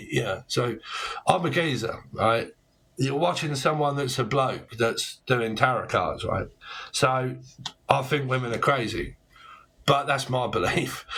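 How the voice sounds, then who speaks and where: A man's voice: mid-range voice, a bit bright, slight background noise. A man giving a casual tarot reading, talking bluntly and rambling, with plenty of swearing and slang. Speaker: tarot reader.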